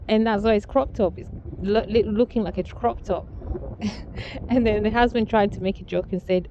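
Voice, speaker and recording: A woman's voice: medium pitch, steady tone, normal speed, mellow, lo-fi sound, a little hiss or hum. A woman telling a casual family story, rambling with restarts and amused asides. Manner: rambling, many restarts and fillers, laughs at own story.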